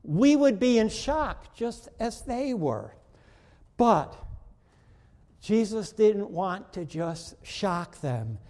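A man preaching a sermon as pastor, slow and emphatic, with dramatic pauses. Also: sits high, very animated, darkish tone. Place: church sanctuary. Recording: long reverb of a church hall.

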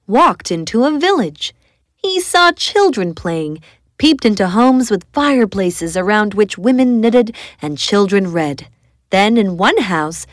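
A woman narrating a bedtime story for children in an expressive storytelling read. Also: mid-range voice, no echo, studio quality.

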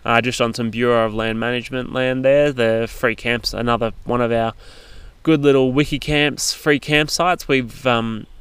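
A man's voice: medium pitch, fairly even intonation, moderate pace, a bit bright, clean tone, no room sound. A man casually narrating a travel story, rambling along with frequent fillers and restarts. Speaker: travel vlogger.

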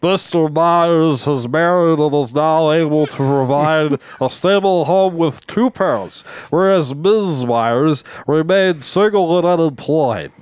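A man's voice: fairly high pitch, takes it slowly, few pauses, smooth, no echo. A man reading the part of a smug family lawyer making a formal plea in a comedic script reading.

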